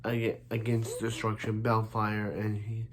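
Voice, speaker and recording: A man's voice: on the low side, completely flat delivery, measured pace. A man recapping an anime episode in casual chat, rambling with many restarts and repeated fillers. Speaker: anime reviewer.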